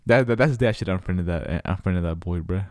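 A man's voice: low voice, fast talker, no room sound, clean studio sound. A young man telling school stories in casual, slangy chat, acting out the people in them. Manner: slangy storytelling, animated impressions.

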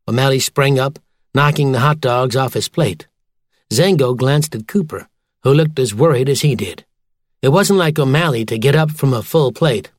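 A man narrating a children's audiobook in a lively, expressive way. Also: medium pitch, normal speed, no echo, studio quality. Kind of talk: scripted narration.

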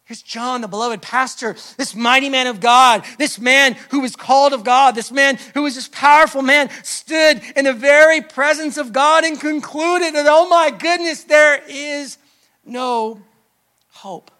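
A man delivers a sermon in a strikingly high voice. He builds to loud, emphatic lines, then lets phrases sink to a near whisper, and he voices the doubts of people in pain. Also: fairly even intonation, moderate pace, few pauses. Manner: preaching with rising emphasis and quiet drops, acting out voices of the hurting. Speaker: pastor.

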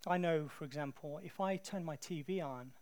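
Animated English preacher, slightly high voice. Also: male voice, moderate pace. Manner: conversational, animated storyteller. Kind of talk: sermon.

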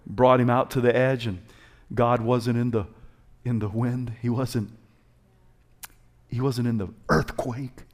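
A male preacher giving a passionate sermon, calling out to his congregation and swinging between loud exhortation and quiet, hushed moments. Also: mid-range voice, steady tone, measured pace, pauses often. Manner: passionate, call-and-response, swings from shouts to hushed.

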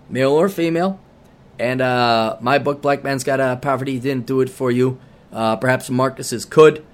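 A man hosting a podcast, talking in a sarcastic, rambling monologue with animated mock rants. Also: mid-range voice. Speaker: podcast host. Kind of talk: casual monologue.

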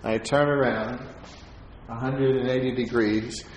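A man preaching his personal testimony, telling the story with lively acted-out voices. The recording has a long, ringing echo of a large hall and a faint room hum behind him. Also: mid-range voice, unhurried. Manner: animated storyteller, acts out quoted voices with laughter. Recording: echoey hall with faint ambience.

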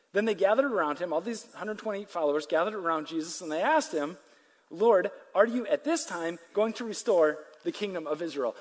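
A man preaching a sermon as pastor, telling stories with animated quoted voices and laughs. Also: sits high. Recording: long hall reverb.

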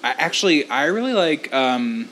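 A woman's voice: low-pitched, very animated, a bit bright, slight background noise. A woman co-hosting a comedy podcast who chats casually and agreeably and introduces the segments. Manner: easygoing, agreeable, quick to laugh along. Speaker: podcast co-host. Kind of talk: casual chat.

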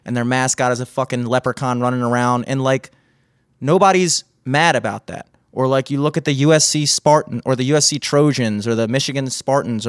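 A podcast co-host of Greek and Italian heritage trades crude, casual banter, cursing a lot and telling jokes with animated energy. His voice sits in the mid-range. The remote recording is dry and sounds clean, like a studio.

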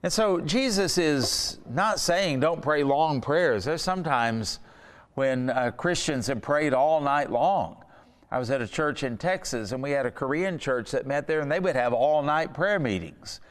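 A man's voice: a little high, expressive, unhurried, big-room sound. A man preaching a sermon, earnest and conversational, asking the listeners questions. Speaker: pastor.

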